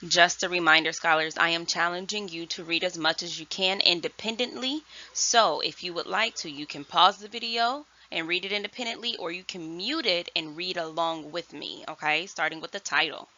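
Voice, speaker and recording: A woman first grade teacher giving a virtual lesson, speaking slowly and enunciating clearly. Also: fairly low pitch, sharp tone. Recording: dull lo-fi sound.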